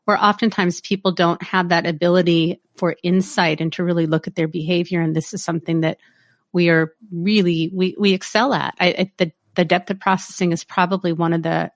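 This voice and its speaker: A woman hosting a podcast interview, reflective and candid, often laughing softly. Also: on the low side, little pitch movement, a little fast, dry recording, studio quality. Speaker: podcast host.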